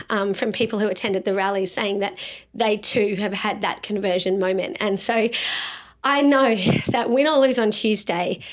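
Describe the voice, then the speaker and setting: A woman hosting her own channel, speaking straight to her viewers in an earnest, urgent, rallying appeal, with frequent ums and restarts. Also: mid-range voice. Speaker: activist host. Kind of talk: direct-to-camera appeal.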